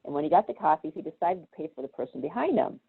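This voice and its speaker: A woman's voice: low-pitched, rapid-fire, gravelly, husky. A woman guest telling stories in casual chat, acting out the voices of people in them. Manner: animated storyteller who acts out quoted voices. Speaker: guest speaker. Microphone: video call. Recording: tinny phone-like call audio.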